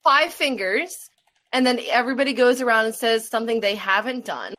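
A woman's voice: fairly high pitch, animated, pushed and bright. Eager woman pushing a party game. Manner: eager, pushy, quick interjections. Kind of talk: casual chat.

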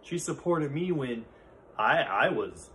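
A man's voice: mid-range voice, expressive, takes it slowly, fairly bright tone, a little hiss or hum. A man in his thirties hosting a solo podcast, speaking in an earnest, heartfelt way from his own experience. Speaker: podcast host. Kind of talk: reflective solo talk.

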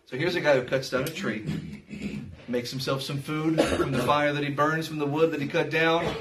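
A man teaching through a Bible chapter to a congregation, reading verses and asking rhetorical questions, sometimes rising to a shout. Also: a little high, animated, fairly quick, recorded from a distance. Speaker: pastor.

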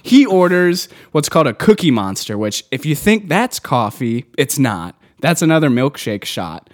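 A man venting loudly in casual podcast chat, worked up and mimicking customers as he rants. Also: fairly high pitch, moderate pace. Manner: ranting, animated, mimics customers. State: worked up and loud. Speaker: podcast co-host.

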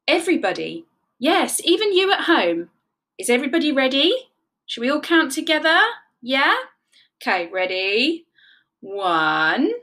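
A woman narrating a children's story, animated and encouraging, leading the listeners in counting. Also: on the high side.

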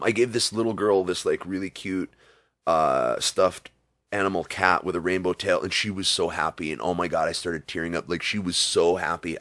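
A man's voice: sits low, fairly bright tone, dry recording. A man in a casual interview, telling rambling stories and acting out quotes along the way. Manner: rambling storytelling with acted-out quotes.

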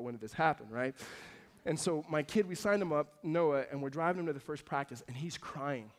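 A man, preaching a conversational sermon that swings between loud emphasis and soft asides. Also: mid-range voice. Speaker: pastor.

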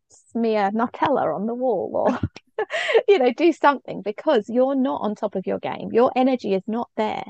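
A middle-aged woman, a parenting coach, speaks earnestly and openly as a podcast guest, telling stories in a conversational interview. Her voice sits on the high side, creaky and darkish in tone. She comes across as reflective and emotionally open, and the recording is dry and muffled.

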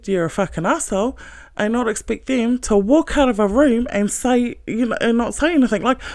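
A woman's voice: mid-range voice, no room sound, clean studio sound. Blunt, foul-mouthed ranting woman. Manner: profane, forceful ranting. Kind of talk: blunt monologue on relationships.

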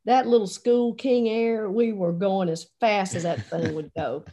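A woman telling a lively personal anecdote, acting out the dialogue as she goes. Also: mid-range voice, unhurried. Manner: animated, lots of quoted dialogue. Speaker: storyteller recalling a coaching trip. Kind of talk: anecdotal storytelling.

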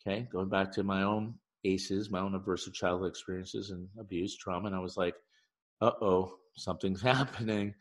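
Therapist guy on his podcast, lowish voice, animated rambly storytelling, says stuff twice for emphasis. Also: fairly quick, hardly any pauses. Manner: animated storytelling with many asides; repeats key phrases for emphasis. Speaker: relationship therapist. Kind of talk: podcast monologue.

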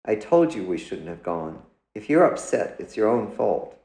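A man's voice: fairly low pitch, very animated, normal speed, dark tone, roomy sound. A man voicing an anxious, peevish middle-aged mother who turns pleading and defensive, read out in a story.

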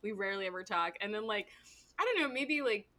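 A woman's voice: medium pitch, lively intonation, fast talker, pushed and bright. A woman co-hosting a podcast in casual, supportive chat. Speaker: podcast co-host.

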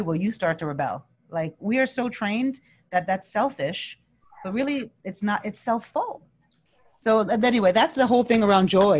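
Earnest, restless-talking woman guest. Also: medium pitch. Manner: energetic, earnest, with frequent restarts and fillers. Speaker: wellness speaker, guest. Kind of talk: conversational interview.

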